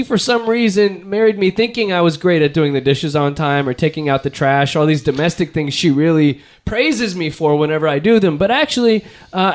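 A man hosting a podcast in casual chat, rambling and self-deprecating, quick to make a joke of himself. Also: a little high. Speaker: podcast host.

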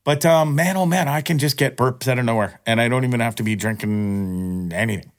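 A man in an off-the-cuff rant that rambles and doubles back on its words. He swears freely, and his voice jumps upward whenever he gets worked up. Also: brisk. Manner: excitable, jumps up in pitch when worked up. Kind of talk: casual profane rant to camera.

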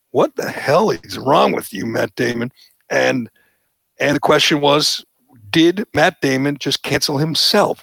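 A male podcast host rants about the news in a lively, opinionated way. His voice is slightly high with a gravelly edge, recorded dry and close. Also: no echo. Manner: animated, mocking quoted voices. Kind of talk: opinionated political commentary chat.

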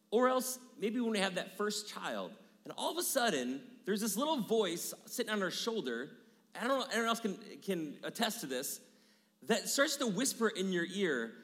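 A man in his thirties preaching a sermon in a church, energetic, repeating key phrases and dropping into hushed asides. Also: high voice. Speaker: pastor. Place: church sanctuary. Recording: long hall reverb.

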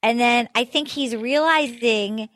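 A woman hosting a casual chat, telling stories in a gushing, animated way. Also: fairly high pitch, measured pace, no room sound. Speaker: podcast host.

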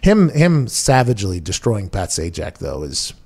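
A man's voice: low-pitched, moderate pace, husky. A man hosting a sports talk show in casual, joking chat. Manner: joking, animated, hamming it up.

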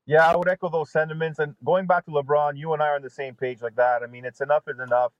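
A male basketball analyst talks in short, emphatic bursts, his voice a touch high. He comes through a dull, dry remote connection with no room sound at all. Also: steady tone, quick pace, no echo. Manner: emphatic, punchy short phrases. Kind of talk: sports talk analysis.

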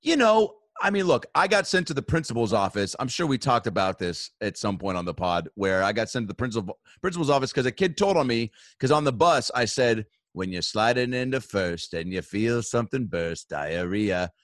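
A man's voice: medium pitch, fairly quick, hardly any pauses, no echo, clean studio sound. A man from Seattle co-hosting a comedy podcast, telling stories with lots of laughs. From Seattle, Washington. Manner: laughs often, animated storytelling. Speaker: podcast co-host. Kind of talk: casual comedy podcast banter.

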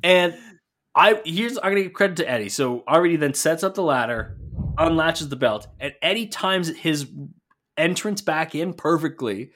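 Male podcast co-host, somewhat high voice, wry and playful, casual chat. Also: animated, normal speed, fairly bright tone. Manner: wry, swears freely, playful.

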